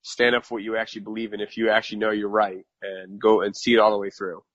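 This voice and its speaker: A man in his thirties speaking as a guest on a podcast, chatty and self-assured. His voice is fairly low. The sound is dry and slightly lo-fi. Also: flat delivery, quick pace, fairly bright tone, no room sound. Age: 30s. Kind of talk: casual interview.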